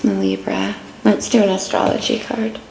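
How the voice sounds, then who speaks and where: A woman's voice: mid-range voice, little pitch movement, normal speed, vocal fry. A woman giving a casual tarot reading, chatting through each card she draws. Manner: chatty, warm-hearted commentary on cards. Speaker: tarot reader. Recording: echoey room, faint noise.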